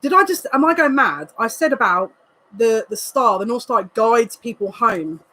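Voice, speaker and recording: Giving viewers a live card reading, this psychic reader speaks with excitement and emotion, tossing in rapid asides. She's a woman with a voice on the high side, captured in a rough recording.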